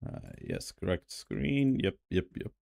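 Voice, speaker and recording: A man's voice: deep voice, wildly swooping pitch, unhurried, creaky, darkish tone. A man casually commenting on racing game records on a live stream, rambling with many fillers and an occasional cough. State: coughing now and then.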